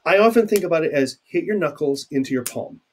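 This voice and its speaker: A man's voice: on the high side, expressive, fast talker, a little hiss or hum. A man teaching sign language vocabulary in a recorded video lecture, chatty and informal, with fillers and asides.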